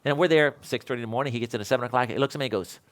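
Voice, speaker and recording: A man's voice: medium pitch, very fast. A man teaching other instructors, telling a story in a panel discussion and acting out both sides of it. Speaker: electrical code instructor.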